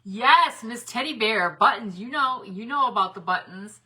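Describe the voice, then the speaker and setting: Woman, middle-aged, chatty folksy craft-stream host, bright voice. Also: fairly high pitch, expressive, moderate pace, low-quality recording. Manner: chatty, folksy, talks to viewers by name. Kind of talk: casual live-stream chat.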